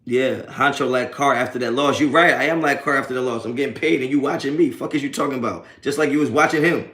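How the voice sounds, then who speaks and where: A man's voice: medium pitch, fast, bright, forceful tone. A young adult man streaming a live post-game reaction, cursing and laughing while mocking trolls in the chat. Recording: echoey room.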